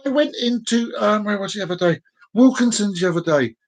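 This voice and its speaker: An Englishman on a livestream, in an exasperated, ranting monologue that swings between loud outbursts and low mutters. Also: expressive, brisk. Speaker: livestream host.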